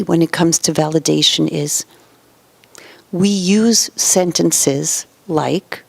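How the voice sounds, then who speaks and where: A woman giving a parenting lecture in numbered points, acting out quoted parents and children and often dropping to a soft whisper. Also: on the low side, dry recording. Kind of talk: motivational lecture.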